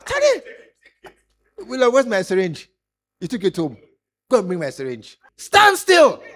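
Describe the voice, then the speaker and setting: A male preacher putting on the shrill, scolding voice of an impatient nurse in a sermon story. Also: huge pitch swings, normal speed, a little mellow, exaggerated voice. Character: bossy impatient nurse demanding a syringe.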